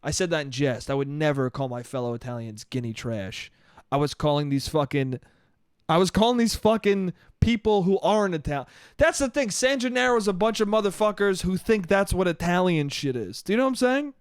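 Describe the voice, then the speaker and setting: Guy in his late 20s ranting on his podcast, kinda high voice, swears a lot, dry close sound. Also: brisk, clear, resonant tone, no room sound. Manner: profane, animated storytelling with put-on voices. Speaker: podcast host. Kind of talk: solo comedic podcast monologue.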